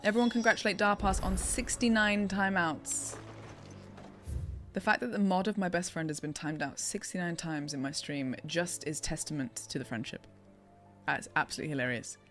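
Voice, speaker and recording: A woman's voice: on the low side, fairly even intonation, moderate pace. An English woman from England chatting playfully with her live-stream chat while she plays, teasing viewers and laughing often. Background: game music.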